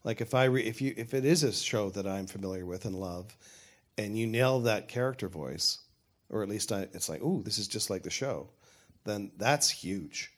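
An older man with a fairly low voice answers questions as a showrunner. He talks frankly, stopping and restarting his sentences as he thinks aloud. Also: normal speed. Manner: rambling, self-correcting, frank. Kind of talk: panel Q&A talk.

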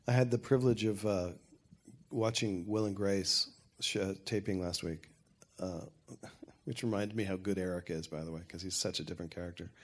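A man's voice: deep voice, fairly even intonation, normal speed. An older man, a television showrunner, answering audience questions in a frank, rambling way with many restarts. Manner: rambling, self-correcting, frank. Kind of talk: panel Q&A talk.

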